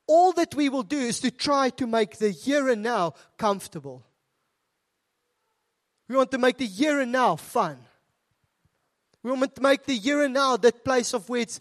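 High-voiced South African male pastor preaching. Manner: earnest, conversational preaching with asides to the congregation. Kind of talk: sermon. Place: church.

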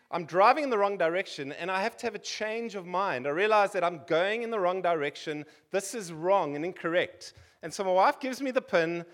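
A man's voice: sits high, a bit bright. A South African man in his forties preaching a sermon to a congregation, chatty and joking with the room. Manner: conversational, joking asides with the congregation.

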